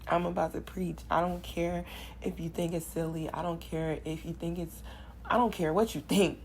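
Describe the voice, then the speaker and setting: Speaking at normal speed with a fairly low pitch and steady tone, this young tarot reader channels a reading and passionately repeats preachy affirmations, sighing between them. Slight background noise marks a low-quality recording.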